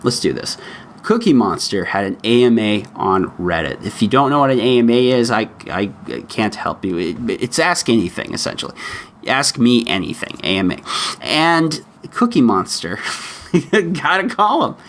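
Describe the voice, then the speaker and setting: A man's voice: medium pitch, big pitch swings, moderate pace, fairly bright tone, slight background noise. A man hosting a solo podcast in a casual, opinionated and chatty way. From United States. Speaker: podcast host.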